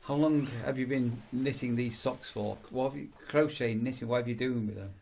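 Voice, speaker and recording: A man's voice: mid-range voice, steady tone, brisk, vocal fry, a little mellow, slight background noise. A man vlogging at home at night, telling a rambling story and teasing his companion in casual chat.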